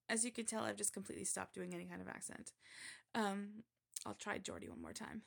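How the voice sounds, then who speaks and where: A woman's voice: medium pitch, steady tone, brisk, vocal fry, fairly bright tone. A woman chatting casually and rambling in a self-deprecating way before and after a reading. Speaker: amateur reader. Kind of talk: casual chat.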